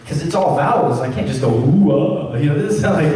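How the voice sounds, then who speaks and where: A man, a voice actor, telling stories and answering fan questions on a convention panel, acting out quoted lines in a higher voice. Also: animated, quick pace, dark tone. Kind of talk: Q&A panel storytelling. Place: large echoey event hall. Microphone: room recording from the audience. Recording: echoey hall, far from the mic.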